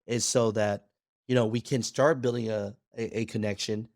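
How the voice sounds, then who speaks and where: A man talking as a podcast guest in a casual chat, an energetic storyteller who acts out quoted dialogue and restarts his sentences often. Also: on the low side, moderate pace, no room sound, studio quality. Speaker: podcast guest, trucking video creator.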